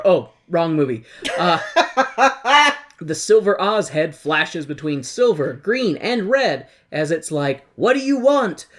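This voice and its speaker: Animated podcast host with a lively voice. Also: mid-range voice. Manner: animated, jokey, acts out quotes in put-on voices. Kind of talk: casual chat, recapping a film.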